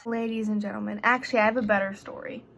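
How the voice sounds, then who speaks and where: Bright chatty teenage girl. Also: medium pitch, flat delivery, quick pace, creaky, a little hiss or hum. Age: teens. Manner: chatty, jokey, rambling. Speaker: high school student vlogger. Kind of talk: casual vlog chat.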